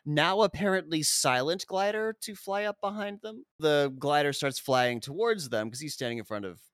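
A man's voice: on the high side, moderate pace, a bit bright, dry recording, studio quality. A man recapping a movie scene by scene in a casual, rambling way, swearing freely. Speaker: podcast co-host recapping a film. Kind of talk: casual profane film recap.

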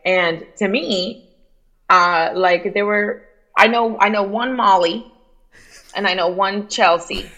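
A woman's voice: mid-range voice, takes it slowly, rough recording. A young woman with a Miami accent, a podcast guest telling stories animatedly and acting out other people's voices. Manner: animated storyteller who mimics voices. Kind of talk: casual podcast chat.

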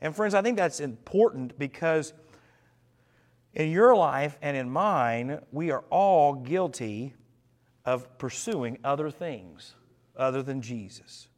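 Earnest man teaching a Bible study. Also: on the high side. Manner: earnest, slows down and drops his voice for emphasis, asks the group questions. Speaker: pastor.

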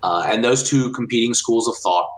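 A man's voice: mid-range voice, normal speed. A man co-hosting a casual gaming podcast, explaining enthusiastically with many restarts. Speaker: podcast co-host. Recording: roomy echo.

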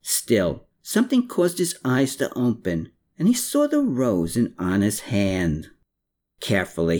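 A man reading a novel aloud in a measured storytelling manner. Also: on the low side, darkish tone. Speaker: audiobook narrator. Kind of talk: scripted narration.

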